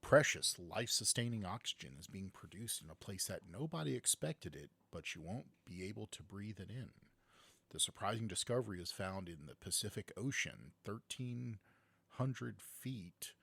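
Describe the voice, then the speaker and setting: A podcast co-host, a bit tipsy, reads a science news story aloud at a steady, normal pace, tossing in jokes and asides. His voice is on the low side, expressive and a bit bright, with vocal fry and a breathy edge. The recording is dry, and the tone is casual chat.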